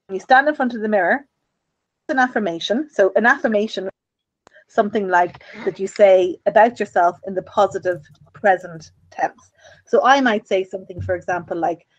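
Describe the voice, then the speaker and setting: A woman's voice: mid-range voice, moderate pace, no room sound, muffled recording. A woman from Ireland hosting a radio self-help talk, earnest and encouraging, often repeating her phrases. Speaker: radio host.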